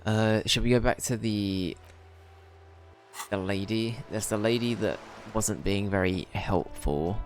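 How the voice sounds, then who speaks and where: A man's voice: lowish voice, slow pace. A man streaming a video game, rambling casually and swearing as he plays. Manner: rambling, swearing, talks to himself. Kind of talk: casual gaming commentary.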